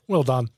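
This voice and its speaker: A man with an Australian accent hosting a casual film review podcast, talking in an animated way, laughing and swearing. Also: no room sound, studio quality. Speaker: podcast host.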